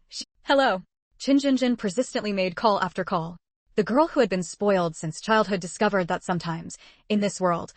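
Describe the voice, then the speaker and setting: A woman's voice: mid-range voice, dry recording. Woman narrating a dramatic story.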